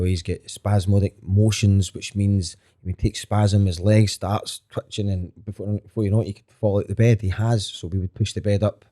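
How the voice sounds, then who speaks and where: This man has a mellow, fairly low-pitched voice. He's a Scottish comic in his thirties guesting on a podcast, sharing anecdotes in an open, sincere manner with offhand swearing, the whole thing a candid conversational storytelling session.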